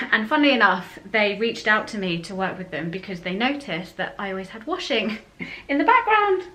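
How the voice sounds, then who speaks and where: A young woman talking casually to a handheld camera as she goes about her day. Her voice sits at a middle pitch. She is chatty and self-deprecating, with frequent little laughs. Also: very animated, normal speed. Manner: chatty and self-deprecating, often laughing, with soft baby talk to her son. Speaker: vlogger. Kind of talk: casual vlog chat. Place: home and outdoors in town.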